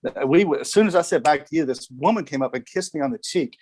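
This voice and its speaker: A man's voice: on the high side, lively intonation, fast, darkish tone, slightly rough. Chatty man around sixty telling stories. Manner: chatty, laughing storyteller who repeats words at the start of phrases. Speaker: guest, TV sports director. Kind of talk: casual storytelling in an interview. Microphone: video call.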